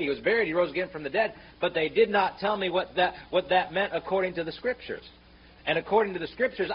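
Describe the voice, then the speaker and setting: A man preaching a fiery sermon, sarcastic and mocking, rising to shouts when he quotes scripture. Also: high voice, breathy edge. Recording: muffled, slightly noisy sermon recording.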